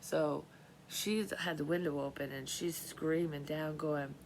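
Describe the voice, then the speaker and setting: A woman's voice: sits low, steady tone, a little slow, a little hiss or hum, low-quality recording. A woman telling her dreams in a casual, rambling monologue, swearing freely and often trailing off and restarting. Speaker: vlogger sharing dream readings.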